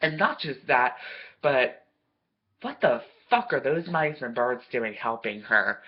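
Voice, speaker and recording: A vlogger ranting to camera in a profane, sarcastic way, swearing constantly and breaking into loud bursts of outrage. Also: mid-range voice, very animated, a little slow, slightly rough. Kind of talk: profane comedic rant to camera. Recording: dull lo-fi recording.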